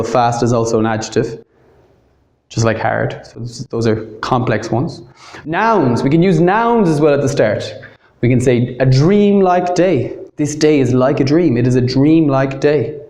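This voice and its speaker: A man with an Irish accent giving an English grammar lesson, slowing down to say each example phrase clearly. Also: on the high side, a little mellow, reverberant. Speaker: English teacher.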